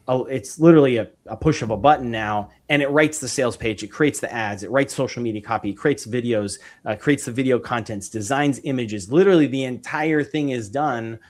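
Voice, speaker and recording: A man, a podcast guest, talking through his business methods in an enthusiastic, rambling way, with many fillers and restarts. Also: mid-range voice. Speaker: podcast guest, real estate investor. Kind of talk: casual interview chat.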